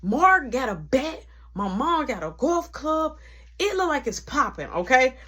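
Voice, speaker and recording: A woman's voice: high-pitched, very animated, unhurried, fairly bright tone, breathy edge. A young adult woman telling a story in casual slang, full of sound effects.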